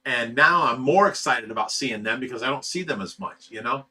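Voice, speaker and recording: A man's voice: mid-range voice, lively intonation, brisk, bright, forceful tone. A man hosting a casual livestream from a fish rescue, reading viewer comments aloud, chuckling often and trailing off with "you know.". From United States. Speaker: livestream host reading chat.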